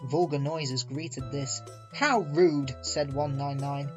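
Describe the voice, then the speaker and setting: A man's voice: mid-range voice, level tone, slow, over music, natural voice. A man voicing a boastful, pompous male diesel engine in a storybook reading. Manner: boastful and huffy.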